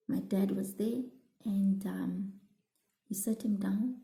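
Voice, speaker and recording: A woman telling her viewers a childhood story in a storytime vlog, animated, often calling them "guys" and restarting her sentences. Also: mid-range voice, measured pace, gravelly, roomy sound. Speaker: vlogger.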